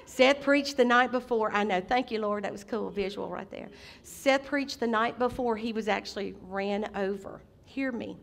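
A middle-aged woman preaching a sermon as senior pastor, impassioned, with sudden loud outbursts. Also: mid-range voice, moderate pace, vocal fry.

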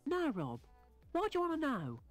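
An actress voicing a rude, restless child in an adventure game. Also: female voice, high voice, wildly swooping pitch, normal speed, soft background music. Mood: sulky. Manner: blunt, sulky. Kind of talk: 1990s adventure game voice acting.

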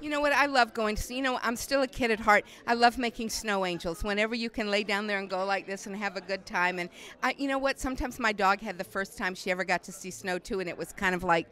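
A woman's voice: medium pitch, quick pace, pushed and bright. A woman, an actress, chatting casually and affectionately as an interview guest.

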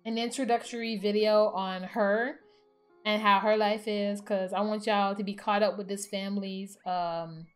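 A woman giving casual let's-play commentary, chatty and excitable, talking to her game characters as she plays. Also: fairly high pitch. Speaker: gaming channel host.

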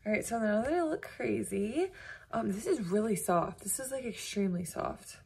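A woman's voice: medium pitch, expressive, normal speed, creaky, a little mellow, slight background noise. A woman, chatting casually to her phone camera at home in a bubbly, gushing way. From United States. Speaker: vlogger. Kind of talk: casual vlog chat. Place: home, indoors.

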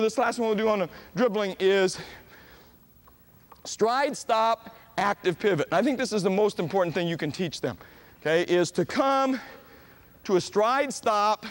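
Man calling brisk court drills. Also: sits high. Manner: calls out short brisk commands to players. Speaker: basketball coach. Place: gym.

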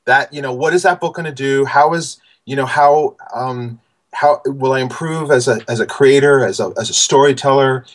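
A man in his forties talks as an interview guest, telling lively stories about his past. He stumbles and restarts often, with plenty of fillers. His voice sits at a middling pitch for a man. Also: moderate pace. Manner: animated, many fillers and restarts. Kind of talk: casual interview storytelling.

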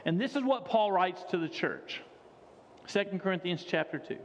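A man's voice: sits high, lively intonation, moderate pace, a little hiss or hum. A male pastor preaching a sermon in a church, emphatic and repeating his key phrases. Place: church sanctuary. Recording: dull sound with long hall reverb.

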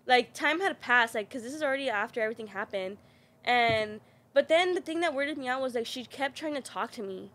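A young woman with a slightly high voice tells a story over casual podcast chat. She leans on "like" constantly and swears freely. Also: expressive, a little fast, a bit bright. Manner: storytelling, heavy use of "like", swearing. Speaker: podcast guest.

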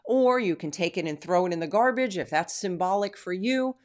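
A woman hosting a Christian teaching stream, praying and then answering viewer questions in an earnest, emphatic way with drawn-out stresses. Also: lowish voice, lively intonation. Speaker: Christian teacher and show host.

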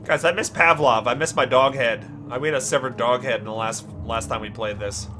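A man's voice: medium pitch, a little fast, pushed and bright, a little hiss or hum. A man streaming a horror game, screaming often and blurting silly minced curses between goofy play-voices. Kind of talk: live gameplay commentary.

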